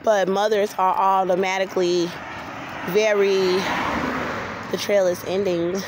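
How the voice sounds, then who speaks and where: An outspoken woman talks bluntly as she walks along an outdoor trail, her voice sitting in the middle range. Passing traffic and outdoor rumble stay clearly audible behind her on the phone recording. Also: level tone, measured pace. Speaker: vlogger giving a personal testimony. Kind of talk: casual spoken testimony. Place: outdoor walking trail near a road. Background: passing vehicles and outdoor ambience.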